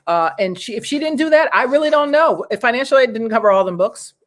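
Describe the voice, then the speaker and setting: A woman from New York hosting a talk show, telling personal stories in a rambling, lively way. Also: fairly high pitch, fast talker. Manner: rambling, restarts sentences, lively retelling. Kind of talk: casual interview chat, personal storytelling.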